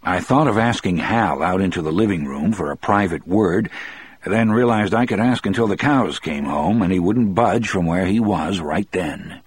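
Male audiobook narrator, first-person novel: deep, husky, measured, dry close recording. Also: expressive, dry recording.

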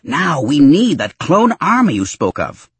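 A man's voice: lowish voice, wildly swooping pitch, measured pace, bright, forceful tone, husky, no room sound, exaggerated voice. A man voicing a frantic, hot-headed male senator in a raised voice. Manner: agitated, raised.

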